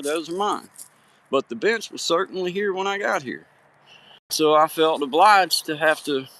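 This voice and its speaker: This man's voice sits fairly high and has a sharp edge. He's a Virginia livestream host walking a hiking trail at sunset, phone in hand, casually chatting and warmly greeting viewers by name in a folksy manner.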